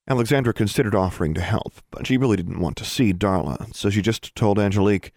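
A man with a low voice narrates an audiobook in a steady, measured reading. The studio-quality recording has no room sound.

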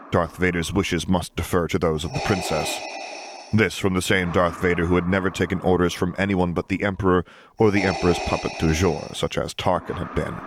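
A man reading a story aloud in measured, dry narration. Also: sits low, background noise. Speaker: audiobook reader. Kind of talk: scripted narration of fan fiction.

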